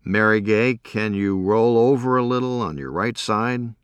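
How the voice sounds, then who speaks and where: A man's voice: lowish voice, measured pace, clean tone, no room sound, voice pushed up, lightly acted. A man voicing a tired, brusque trauma doctor. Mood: weary brisk. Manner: brusque and clipped, muttering absently.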